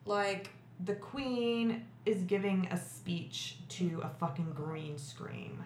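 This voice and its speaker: A woman co-hosting a casual comedic recap chat, irreverent and profane with deadpan jokes. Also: medium pitch, slow pace, echoey room, slight background noise. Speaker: podcast co-host.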